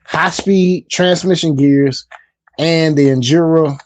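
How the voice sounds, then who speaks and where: A man's voice: fairly high pitch, takes it slowly, darkish tone, no room sound, muffled recording. Laid-back man hosting a live stream. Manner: laid-back, chatty, repeats phrases. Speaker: livestream host. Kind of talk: casual live-stream chat.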